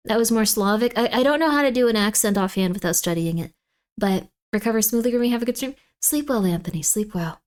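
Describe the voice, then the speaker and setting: A woman's voice: on the high side, fast talker. A woman streamer chatting casually on a livestream, rambling and playfully emphatic.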